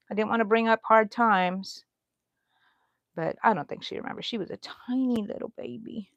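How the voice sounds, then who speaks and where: Middle-aged woman, casual crochet livestream host, chatty and relaxed, dry close sound. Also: mid-range voice, quick pace, vocal fry, no echo. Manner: chatty, reads out viewer comments, yawns often. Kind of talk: casual live chat while crocheting. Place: at home.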